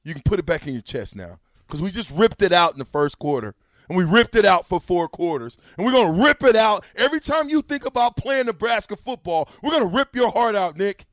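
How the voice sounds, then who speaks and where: A man hosting a sports talk show, mocking a clip with laughter and loud asides. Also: high-pitched, animated, brisk, dry recording, clean studio sound.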